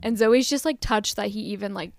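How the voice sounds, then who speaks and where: A woman's voice: mid-range voice, fairly quick, vocal fry, no echo, clean studio sound. A young woman co-hosting a podcast in casual chat, recapping TV episodes at an easy pace, with lots of "mm-hmm" and sighs of "ugh". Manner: relaxed, backchannels a lot and sighs "ugh" over cute moments. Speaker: podcast co-host.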